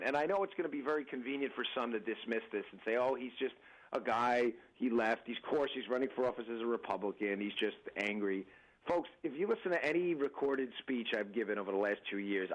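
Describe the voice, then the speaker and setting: A man's voice: mid-range voice, low-quality recording. A man speaking as a guest and political candidate on a radio interview, talking emphatically with frequent restarts and addressing listeners as folks.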